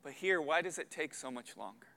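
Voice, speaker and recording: Bright-voiced man preaching in a reverberant hall. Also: fairly high pitch, expressive, brisk, vocal fry. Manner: earnest, builds to loud emphatic peaks. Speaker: pastor. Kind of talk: sermon.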